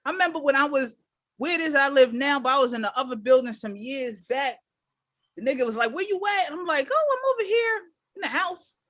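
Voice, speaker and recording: A woman co-hosting a casual podcast chat, telling animated stories full of slang and swearing. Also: high voice, brisk, no room sound. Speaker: podcast co-host.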